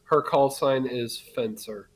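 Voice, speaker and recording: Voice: medium pitch, slow, low-quality recording. A streamer and tabletop player introducing a character in a friendly, straightforward way. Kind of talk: casual chat.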